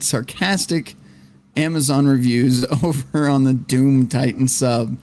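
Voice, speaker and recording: A man hosting an online panel show in an everyday mid-range voice. He reads news out loud, breaks off to laugh and curse, and keeps pulling the group back on topic. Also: medium pitch, fairly even intonation, slow, a little hiss or hum. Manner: profane, laughing, steers the talk back on topic. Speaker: podcast host. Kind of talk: casual panel chat, reading news aloud.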